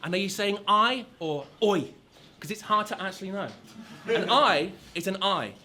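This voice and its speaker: A man's voice: high-pitched, animated, normal speed, slight background noise. A young man from London with a London accent, delivering a mocking rap battle verse full of punchlines in front of a live audience. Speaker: battle rapper. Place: large hall with a live crowd. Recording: loud crowd cheering and laughing.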